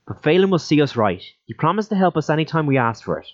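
A man's voice: a little high, very animated, muffled recording, pitched above the performer's own voice. Casting a man for a commanding, practical guide in a storybook reading. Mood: brisk. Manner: brisk, take-charge.

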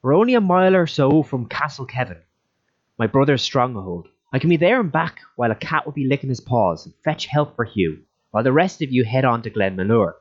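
A man's voice: mid-range voice, expressive, highs cut off, pitched above the performer's own voice, close to an everyday voice. Casting a man for a commanding, practical guide in a storybook reading. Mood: brisk. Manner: brisk, take-charge.

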